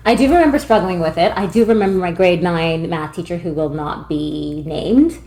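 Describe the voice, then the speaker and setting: A woman's voice: on the low side, moderate pace, darkish tone. A woman in her thirties from Canada, chatting candidly as a podcast guest and poking fun at herself. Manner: candid, self-deprecating, laughs often. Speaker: podcast guest, admin staff at a tutoring studio. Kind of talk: casual interview chat. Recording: roomy echo.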